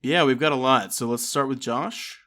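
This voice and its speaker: A man co-hosting a podcast in casual chat, easygoing and a bit halting. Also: medium pitch, pushed and bright. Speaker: podcast co-host.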